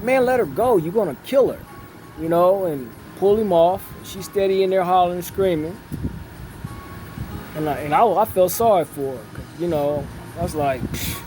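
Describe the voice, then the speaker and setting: A middle-aged man, unhurried, with many fillers and repeated words. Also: fairly high pitch, rough recording. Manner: unhurried storyteller with a drawl, many fillers and repetitions. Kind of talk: casual storytelling. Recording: music playing in the background.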